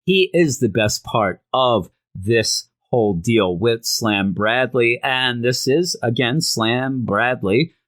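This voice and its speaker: Animated, bright-voiced male comic reviewer. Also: mid-range voice. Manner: rambling, retelling with animated asides.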